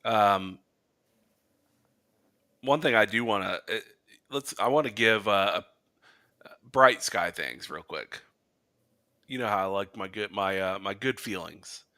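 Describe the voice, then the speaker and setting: A man co-hosts a fan podcast in a bright, forceful voice that sits somewhat low. He is animated and jokey, and throws in casual swearing as he talks. His delivery stays loose and conversational. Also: a little slow, pauses often. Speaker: podcast co-host. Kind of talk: casual sports podcast chat.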